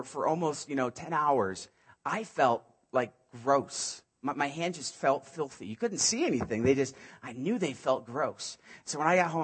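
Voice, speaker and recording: A man in his thirties preaching a sermon as pastor, earnest, moving from hushed pleading to quick animated storytelling. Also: a little high, slightly rough.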